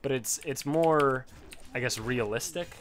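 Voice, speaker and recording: A man's voice: mid-range voice, a little slow, a bit bright, a little hiss or hum. Rambling, foul-mouthed man gaming. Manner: rambling, swears freely, laughs often. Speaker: gamer leveling a character. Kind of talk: casual gameplay commentary.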